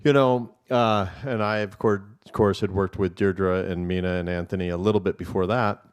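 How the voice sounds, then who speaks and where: A man's voice: low-pitched, steady tone, moderate pace, clear, resonant tone. Rambling man, a theater director. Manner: rambling, with many fillers and restarts. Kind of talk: casual remarks to an audience.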